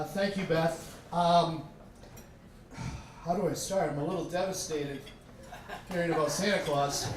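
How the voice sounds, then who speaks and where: Man telling a funny story in an echoey room. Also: fairly high pitch. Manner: humorous, self-deprecating, animated. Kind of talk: live storytelling to an audience. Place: tavern stage. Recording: echoey room from far off, faint background noise.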